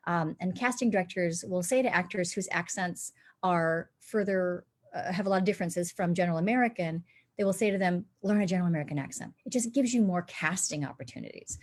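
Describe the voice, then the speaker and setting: A woman dialect coach hosting a live online Q&A, explaining earnestly and advising actors over a video call. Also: medium pitch.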